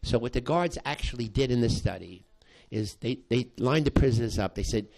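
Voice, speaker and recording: An older man, a psychology professor, recounting a past study to an audience in halting speech full of restarts. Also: medium pitch, lively intonation, vocal fry, darkish tone. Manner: halting, with many restarts, acting out quoted voices. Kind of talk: spoken storytelling to an audience.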